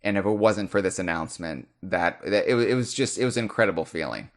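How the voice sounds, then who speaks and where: A man in his thirties hosts a casual podcast chat in a fairly low voice. He is heartfelt and reflective, and his sentences stall and restart as he searches for the words. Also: expressive, quick pace. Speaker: podcast host.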